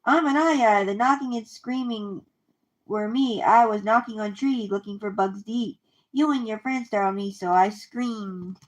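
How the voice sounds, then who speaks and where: A small, timid night creature speaks in a soft, apologetic way, as a woman reading a storybook aloud puts it on. It sounds gentle and friendly, with a middling pitch. This is storybook read-aloud. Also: normal speed, dull audio, close to an everyday voice.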